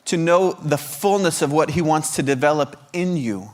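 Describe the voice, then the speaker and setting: A man's voice: on the high side, moderate pace. A man preaching a sermon as a guest preacher, firing off repeated rhetorical questions and stumbling over restarts as he presses his point. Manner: restarts and stammered repetitions when pressing a point.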